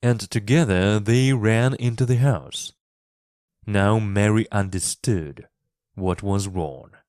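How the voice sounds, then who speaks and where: A man narrating a classic story for English learners, reading expressively and clearly. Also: fairly low pitch, takes it slowly, darkish tone, no room sound, clean studio sound.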